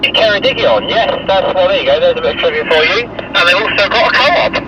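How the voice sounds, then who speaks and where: A man's voice: high-pitched, lively intonation, a little fast, muffled recording. A man chatting casually with dry humour from another small car on a road trip. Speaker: fellow YouTuber driving the other car. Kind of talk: casual chat. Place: inside a small moving car. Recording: distant voice under loud engine noise.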